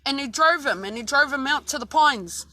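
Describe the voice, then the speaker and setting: A woman's voice: high voice, expressive, normal speed, bright, forceful tone, soft background music. An Australian woman telling a story casually, swearing constantly and restarting her sentences often. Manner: heavy swearing, rambling with many restarts. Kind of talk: casual true-crime storytelling.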